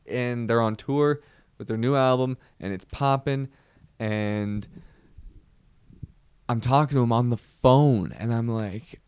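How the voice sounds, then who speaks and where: A young man hosting a podcast, telling a comedic story with animated, exasperated outbursts. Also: fairly low pitch, slow, long pauses, smooth, no echo. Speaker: podcast host.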